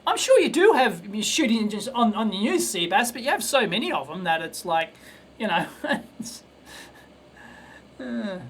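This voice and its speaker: A man's voice: high voice, big pitch swings, a little slow, long pauses, a bit bright, slight background noise. An Australian man chatting casually while soldering on a live stream, rambling and blunt, with many restarts. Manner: rambling, blunt, full of restarts and stammered repeats. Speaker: electronics video host.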